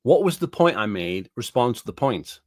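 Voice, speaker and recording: A man's voice: medium pitch, sing-song, normal speed, no echo, studio quality. A man, a gaming YouTuber ranting angrily and profanely, repeating himself as he reacts to a video. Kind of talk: angry reaction rant.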